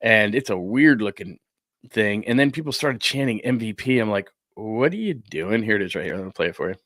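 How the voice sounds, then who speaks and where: A man hosting a sports talk show from a studio, talking casually and ranting with animated indignation. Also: on the low side, brisk, no echo.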